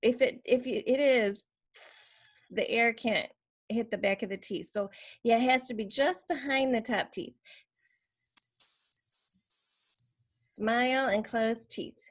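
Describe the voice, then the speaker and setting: Woman, fairly high voice, slow patient teacher demonstrating articulation. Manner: demonstrates speech sounds, patient and explanatory.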